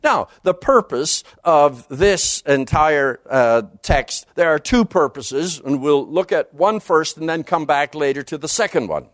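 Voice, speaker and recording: Animated man teaching scripture, lively pitch. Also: dry recording, clean studio sound. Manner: animated, emphatic, with sudden drops to low quiet stress; reads scripture aloud quickly. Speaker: Bible teacher. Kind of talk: expository Bible lecture.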